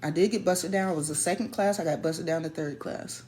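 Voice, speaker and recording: A woman telling a personal story in a casual, animated way, stressing and repeating her points. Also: sits low, brisk, slight background noise. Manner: animated, emphatic, repeats key phrases.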